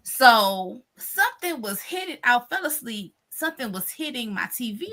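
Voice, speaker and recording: Animated, bright-voiced woman hosting a livestream. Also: a little high, moderate pace. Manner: animated, acts out quotes, breaks into laughter; warm blessing-style sign-off. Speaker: livestream host. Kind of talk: casual chat and storytelling. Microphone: streaming setup.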